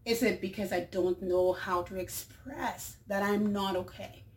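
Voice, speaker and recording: A woman's voice: medium pitch, fairly even intonation, measured pace, a little mellow. A woman, a mother, hosting her own show in a casual monologue, chatty and full of fillers, often laughing. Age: adult mother. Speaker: show host.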